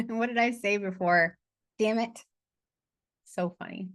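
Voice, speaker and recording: A woman's voice: medium pitch, slow pace, dry recording, clean studio sound. A woman leading a money masterclass over a video call, chatting casually, laughing, swearing and losing her train of thought. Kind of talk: casual live online class.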